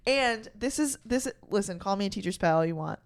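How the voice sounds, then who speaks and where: A young woman hosting a podcast in casual chat, telling stories in an animated way, swearing freely and acting out quotes loudly. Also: medium pitch, brisk. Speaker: podcast host.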